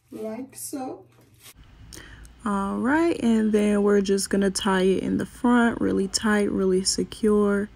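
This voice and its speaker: A young woman, a beauty vlogger, chatting casually with viewers in an animated way as she tells a personal story during a hair routine at home. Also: mid-range voice, vocal fry, recorded from a distance. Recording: echoey room, away from the mic.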